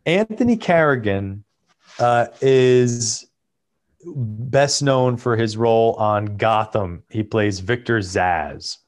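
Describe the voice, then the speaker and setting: A man's voice: medium pitch, lively intonation, slow pace. A man co-hosting a podcast, talking enthusiastically in a casual, rambling way. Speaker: podcast co-host. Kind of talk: casual chat.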